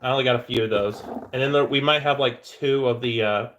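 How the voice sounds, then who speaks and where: A man's voice: mid-range voice, steady tone, brisk, a bit bright, highs cut off, a little hiss or hum. A man hosting a casual livestream, rambling and joking with viewers, often stammering and restarting his sentences. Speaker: livestream host.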